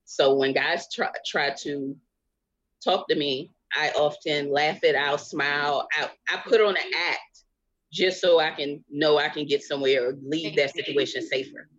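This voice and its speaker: A woman speaks frankly and bluntly in a casual group discussion. Her voice is low and the sound is dull and muffled. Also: steady tone, a little slow, fairly bright tone.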